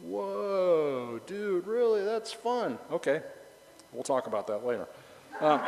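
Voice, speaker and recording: A man's voice: fairly high pitch, expressive, a little slow, in a large hall, poor audio. A male pastor preaching a conversational sermon, chatty and joking, bantering with the congregation.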